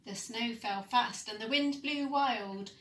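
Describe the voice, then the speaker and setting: Gentle woman reading a children's book aloud, slow pace, mic at some distance. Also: a little high, slight background noise. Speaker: pastoral worker. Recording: echoey room, mic at a distance.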